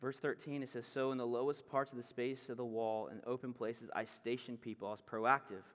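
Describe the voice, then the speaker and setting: A pastor giving a conversational sermon with casual asides. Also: male voice, mid-range voice, fairly even intonation, fairly quick. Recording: muffled sound with long hall reverb.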